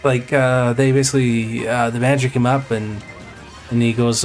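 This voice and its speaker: A man streaming live and chatting with viewers as he tells a long, meandering story. His voice sits at an ordinary middle pitch, and he keeps stopping to restart his sentences. Faint music plays behind him. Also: flat delivery, moderate pace. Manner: rambling, with many fillers and restarts. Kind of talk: casual storytelling to stream chat.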